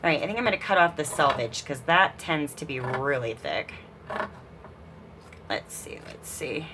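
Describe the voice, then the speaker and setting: A woman's voice: low-pitched, animated, brisk, background noise. A woman hosting a crafting video, chatting casually and laughing at herself as she works, with a put-on British accent. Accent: mock British put-on. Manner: chatty, self-deprecating, laughs often, talks to viewers as she works. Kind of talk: casual crafting chat while working.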